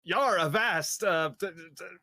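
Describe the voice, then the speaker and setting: A man voicing a gruff old-timey male pirate captain, stumbling and restarting as he goes. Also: sits high, sharp tone, dry recording, pitched above the performer's own voice, heavily acted. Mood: blustering. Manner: halting, stumbling delivery.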